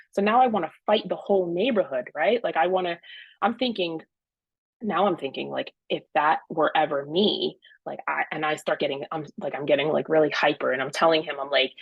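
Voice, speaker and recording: A woman's voice: low voice, a little fast, creaky, slightly rough, no room sound, dull audio. Woman, podcast host, dry close sound, emphatic casual chat. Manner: animated, emphatic storytelling.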